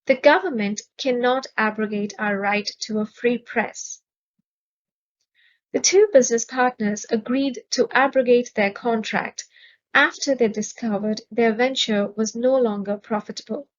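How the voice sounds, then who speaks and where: A woman teaching English vocabulary in a measured, clearly enunciated way, stressing each syllable. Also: fairly high pitch, dull audio. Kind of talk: slow, careful vocabulary lesson.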